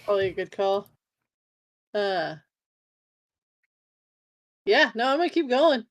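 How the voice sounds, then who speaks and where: A woman's voice: mid-range voice, animated, takes it slowly. A woman playing her character in a tabletop game, talking in a matter-of-fact, playful way. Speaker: player. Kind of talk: casual tabletop play.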